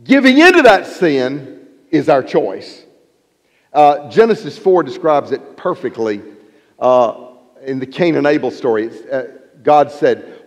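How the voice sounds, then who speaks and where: A man's voice: fairly high pitch, very animated, a little slow, in a large hall. A man preaching a sermon as pastor, emphatic and quoting scripture at length.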